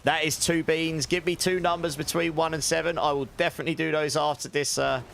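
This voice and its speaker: Brisk and flat in delivery, a young streamer with a little high, gravelly, somewhat bright voice chats casually with his viewers during gameplay and thanks them. His voice is slightly sore, and some background noise is audible.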